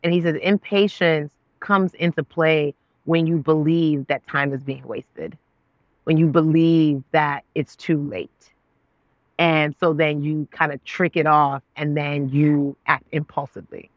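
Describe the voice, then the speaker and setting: A woman in her thirties, a guest on an interview show, telling her story with lively voices for her own past words. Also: a little slow, dry recording, dull audio. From Nigerian family. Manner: expressive, acts out her own past words with big pitch jumps. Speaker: guest, actress and author.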